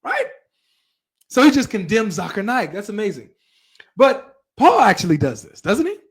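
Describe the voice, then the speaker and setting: A man with a fairly high voice hosts a live reaction stream, talking straight to his viewers. He reacts in an animated, chatty way, full of asides and questions to chat. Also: moderate pace, slightly rough.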